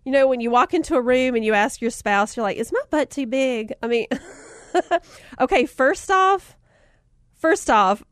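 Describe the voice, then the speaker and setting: A woman with a Southern US accent talks in a casual, motivational way, spinning lively personal stories and laughing between lines. Her voice sits a bit high for a woman, and she talks often to her listeners as y'all. The sound is dry and close, with almost no room echo. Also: unhurried. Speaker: speaker sharing life lessons.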